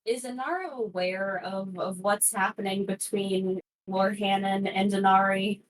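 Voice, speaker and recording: A woman's voice: medium pitch, steady tone, a little slow, poor audio. Thoughtful, questioning woman player. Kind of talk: casual tabletop game play.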